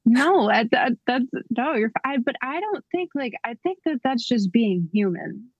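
A young adult woman, a singer-songwriter guest, speaking in relaxed casual chat full of fillers. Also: on the high side, moderate pace, no echo, muffled recording. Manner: relaxed, filler-heavy, reassuring.

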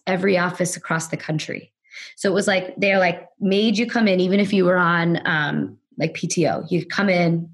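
Husky woman telling a rambling story. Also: lowish voice. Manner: rambling, heavy use of "like" fillers; acts out other people's lines in quoted voices. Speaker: podcast guest. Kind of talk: casual storytelling interview.

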